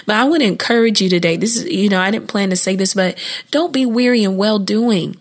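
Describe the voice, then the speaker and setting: A woman hosting a devotional podcast, talking in an earnest, conversational way with sudden jumps in pitch, frequent laughs and restarted phrases. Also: a little fast. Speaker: podcast host and devotional speaker. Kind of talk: informal devotional talk.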